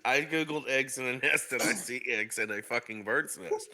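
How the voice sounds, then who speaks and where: A man hosts a casual podcast and welcomes his co-hosts. His voice is bright and sits at a middle pitch. He talks in a dry, matter-of-fact way and keeps steering the group back to the episode. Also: normal speed. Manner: dry, trying to steer things back on track. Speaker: podcast host. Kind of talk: casual chat and show hosting.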